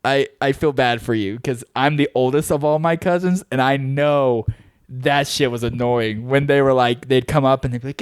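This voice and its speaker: A young man co-hosting a podcast, telling stories in a loose, animated way, leaning on "like" and "dude" as fillers. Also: mid-range voice, moderate pace, no echo, clean studio sound. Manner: animated storyteller, heavy filler use of "like" and "dude". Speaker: podcast co-host. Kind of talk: casual chat.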